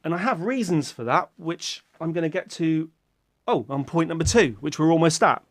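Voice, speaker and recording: Rambling British man with a high-ish voice. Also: normal speed, no room sound, clean studio sound. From Britain. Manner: rambling, self-mocking, with sudden loud animated outbursts; swears casually. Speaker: YouTuber. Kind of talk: casual rambling vlog chat.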